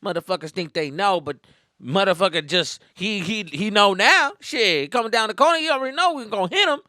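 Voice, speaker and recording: Swaggering young dude full of street slang and boasts, pitched up high and bright, as a man puts him on. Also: animated, brisk, no room sound, clean studio sound. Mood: boastful. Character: swaggering young male friend, slangy and cocky.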